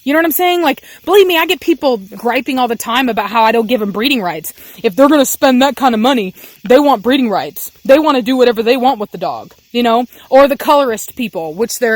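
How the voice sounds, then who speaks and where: A woman's voice: sits high, animated, fairly quick, no echo. A young woman with a Texan accent, a dog breeder ranting angrily and passionately in a vlog, often repeating herself. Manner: angry, impassioned, repeats herself. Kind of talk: emotional vlog rant.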